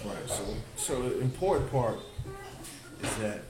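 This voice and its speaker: A man's voice: mid-range voice, very animated, measured pace. A man leading a scripture study, preaching emphatically and often asking his listeners if they understand. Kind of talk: preaching to a group. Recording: roomy, noisy recording.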